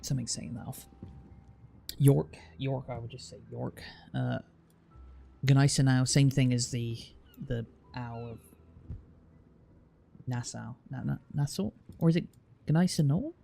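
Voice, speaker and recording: A man's voice: medium pitch, a little slow, creaky, pauses often, dark tone, faint music behind. A man with a southern English accent from the Southwest, streaming and chatting casually, thinking aloud with plenty of fillers. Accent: southern English (Southwest England). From Southwest England. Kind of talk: casual chat with live chat.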